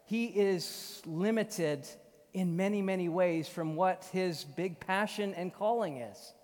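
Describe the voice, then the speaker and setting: High-voiced pastor preaching in a hall. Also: male voice, takes it slowly, a little mellow. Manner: emphatic, rhythmic preaching with repeated phrases. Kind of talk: sermon. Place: church sanctuary. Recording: long hall reverb.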